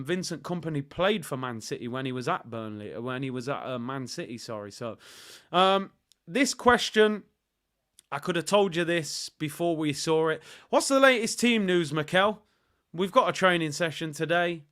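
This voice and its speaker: A man with a fairly high voice riffs as a football channel host in loose fan commentary. He is sarcastic and jokey, and he rambles through plenty of "uh"s and "you know"s. His voice comes through smooth and clear. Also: a bit bright. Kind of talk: casual fan commentary on a livestream.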